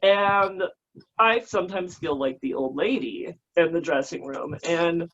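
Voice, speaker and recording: A man's voice: a little high, a little slow, a bit bright. A man in his thirties with an American accent, a drag queen talking campy and emotional, mixing crude jokes with heartfelt thanks. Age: 30s. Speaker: drag queen talk show host, guest. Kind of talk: casual interview chat. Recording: dull lo-fi sound.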